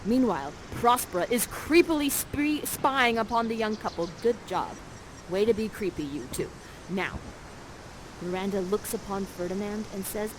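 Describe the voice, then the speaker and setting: A woman with a mid-range voice and lively intonation directs players through an interactive play over a headset mic, speaking at a moderate pace. She's upbeat and teasing. The audio is poor, with slight background noise.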